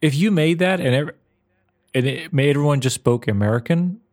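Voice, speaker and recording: A man's voice: fairly high pitch, moderate pace, a little mellow. A man co-hosting a podcast in casual chat, asking lots of questions and repeating words as he works out his thoughts. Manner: inquisitive, hesitant, repeats words while thinking. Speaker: podcast co-host.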